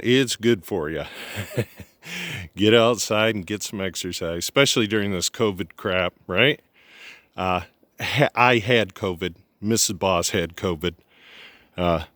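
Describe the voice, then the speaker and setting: A man's voice: low voice, fairly bright tone, no room sound. A man hosting a casual outdoor vlog from snowy woods, rambling and folksy with lots of ums, a bit out of breath, recorded on a phone. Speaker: channel host. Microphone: phone camera.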